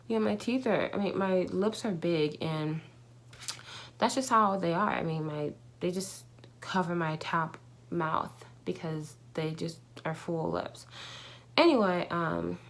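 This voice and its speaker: A young woman talking casually to camera in a candid, rambling vlog, with many fillers and restarts. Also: on the low side. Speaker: vlogger.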